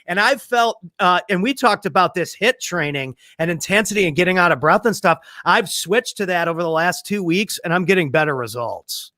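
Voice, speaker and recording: A man's voice: high voice, animated, fairly quick, few pauses, pushed and bright, no echo, clean studio sound. A man in casual podcast chat, chatty and laughing easily, often trailing off mid-sentence. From Texas. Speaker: podcast co-host.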